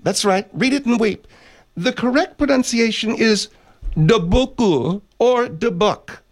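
A man's voice: very high voice, normal speed, pitched above the performer's own voice. A man voicing a cranky, foul-mouthed old woman who sounds prim but swears. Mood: testy. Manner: prim but profane, testy.

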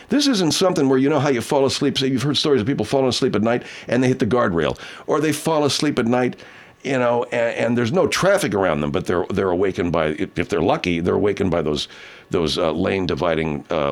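A Southern California man hosts a casual talk show, spinning a rambling, profane story full of restarts. His voice is lowish and brisk, with lively intonation.

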